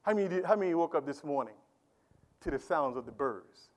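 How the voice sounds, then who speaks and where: A man preaching a sermon in a church. He talks plainly, repeats himself, and swings between loud calls to the congregation and quiet asides. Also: on the high side, expressive, fairly quick. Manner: call-and-response preaching, loud and quiet by turns; colloquial, repeats words. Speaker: pastor.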